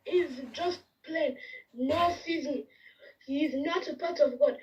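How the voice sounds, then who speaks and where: A student answering questions in an online class over a video call, speaking slowly and hesitantly. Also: high-pitched, a little mellow, recorded from a distance, lo-fi sound.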